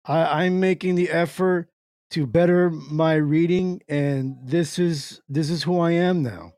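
Livestream host, male, unhurried delivery, mock-baffled as he sounds out viewer comments, close dry sound. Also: on the high side, fairly even intonation, a little mellow, clear, resonant tone, no room sound. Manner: playfully confused, stumbling through words. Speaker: internet radio host. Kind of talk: joking livestream reading chat comments aloud.

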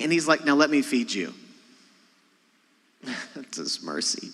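A man preaching a sermon, talking to his congregation in a conversational way, rising to loud emphasis and dropping to quiet asides. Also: medium pitch. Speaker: pastor. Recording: long hall reverb.

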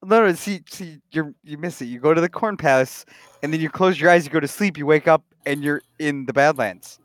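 A man's voice: on the high side, a little fast, dry recording, clean studio sound. A man in casual podcast chat, joking around and laughing a lot with friends. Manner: jokey, laughs often.

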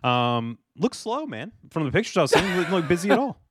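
A man's voice: fairly high pitch, sing-song, brisk, fairly bright tone, husky, no room sound, clean studio sound. A man hosting a podcast, talking in a friendly, rambling way and often quoting himself. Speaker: podcast host. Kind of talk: casual podcast chat.

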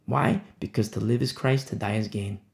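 A man preaching an expository sermon, passionate, repeating words for emphasis and swinging between loud declarations and hushed asides. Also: on the low side, fairly even intonation, normal speed, creaky. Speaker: pastor.

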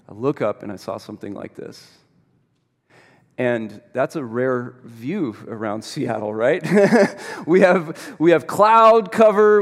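A middle-aged man preaches to his congregation. He tells a personal story in an animated way, with dry, self-deprecating humor. His voice rings out with a long reverb, as in a large church hall. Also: fairly high pitch. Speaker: pastor. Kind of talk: sermon.

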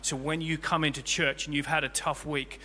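A male pastor delivers an impassioned sermon in a high, very bright voice. He swings from loud, soaring peaks down to hushed, low stretches. The sound carries a long hall reverb with faint music beneath. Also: level tone, normal speed. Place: church hall.

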